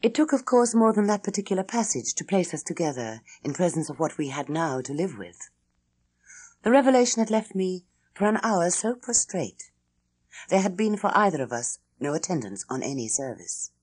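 A woman reads a classic novel aloud with expressive, dramatic delivery. Her voice is low and breathy, and her pitch moves widely as she takes her time. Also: moderate pace. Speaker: audiobook reader. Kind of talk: scripted narration of a classic novel.

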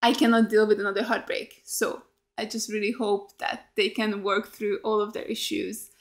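A woman's voice: medium pitch, flat delivery, moderate pace. A woman doing casual reaction commentary on a TV episode, gushing and effusive and swearing often. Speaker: reaction video creator.

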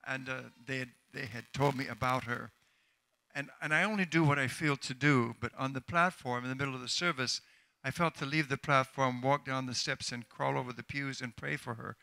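Bright-voiced older man preaching. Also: mid-range voice, steady tone, brisk, vocal fry. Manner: storytelling, then rising into fervent exhortation. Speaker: traveling preacher. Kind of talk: Pentecostal sermon with testimony. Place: church sanctuary with congregation.

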